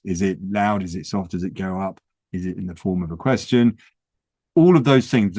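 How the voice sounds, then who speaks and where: A man's voice: on the low side, a little mellow, slightly rough, no room sound, clean studio sound. A man giving practical advice on a podcast, explaining in a conversational way with rhetorical questions. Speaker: property investment educator. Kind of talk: podcast talk.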